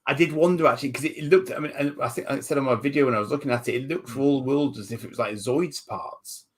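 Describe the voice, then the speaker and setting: A man's voice: medium pitch, fast. A man in a casual toy chat, chuckling and hesitant with many restarts.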